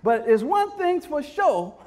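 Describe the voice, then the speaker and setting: A man leading a parent workshop, talking with lively call-and-response energy and repeating his key phrases for emphasis. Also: very high voice, measured pace. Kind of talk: energetic motivational workshop talk.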